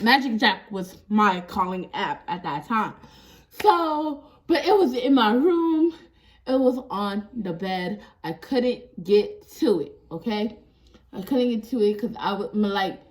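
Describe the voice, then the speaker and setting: Animated young woman telling a storytime. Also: a little high. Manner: animated, swearing, slangy, laughing through the story. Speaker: storyteller vlogger. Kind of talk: casual storytime to camera.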